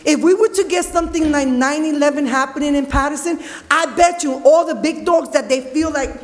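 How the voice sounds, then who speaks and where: At a city council meeting's public comment, a woman speaks bluntly, emotionally and profanely. Her high voice moves at a moderate pace amid the long reverb of the council hall.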